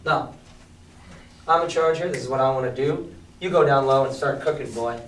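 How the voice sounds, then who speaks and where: A man's voice: mid-range voice, normal speed, noisy background, lightly acted. A man voicing a stern, curt male ship captain who gives clipped orders while reading a story aloud. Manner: clipped, commanding. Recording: echoey room, distant mic.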